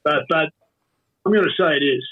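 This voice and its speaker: Husky older Australian man, phone-thin sound. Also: on the high side. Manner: rambling, halting, with many fillers and restarts. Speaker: interview guest. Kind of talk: casual storytelling. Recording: tinny phone-like audio.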